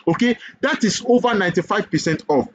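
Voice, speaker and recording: A Nigerian-accented man with a fairly high voice delivers a persuasive sales webinar pitch, checking in with "okay?" and firing questions at the listener. The recording is dull and lo-fi, with a faint hiss underneath. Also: lively intonation, fairly quick. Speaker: online business coach.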